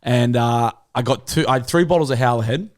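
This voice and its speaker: A man's voice: medium pitch, brisk, a little mellow. An Australian man co-hosting a podcast, chatting casually with a sweary storytelling manner and frequent laughter. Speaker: podcast co-host. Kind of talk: casual chat.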